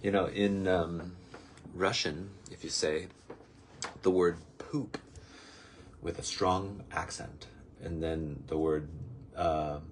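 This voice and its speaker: Very low-voiced man giving a spiritual lesson. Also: fairly even intonation, slow pace, slight background noise. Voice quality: rambling, reflective, good-humored. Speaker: spiritual teacher leading a daily lesson. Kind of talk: casual, meandering spiritual talk.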